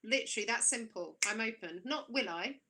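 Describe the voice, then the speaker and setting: A woman's voice: on the high side, lively intonation, brisk, pushed and bright. A woman co-hosting as an intuitive coach, encouraging and emphatic as she gives spiritual advice. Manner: encouraging and emphatic, repeats key phrases. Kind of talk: live-streamed spiritual coaching.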